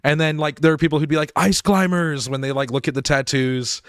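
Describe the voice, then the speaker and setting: A young adult man chatting casually on a game stream, rambling with lots of fillers and quick laughs. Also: mid-range voice, flat delivery, clean tone, dry recording, studio quality. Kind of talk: casual live-stream chat.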